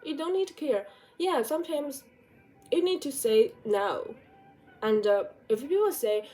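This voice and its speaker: A woman's voice: high-pitched, lively intonation, unhurried, darkish tone. A woman vlogger gives direct motivational advice, asking repeated rhetorical questions in non-native English phrasing. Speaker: vlogger giving life advice. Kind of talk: motivational talk to camera.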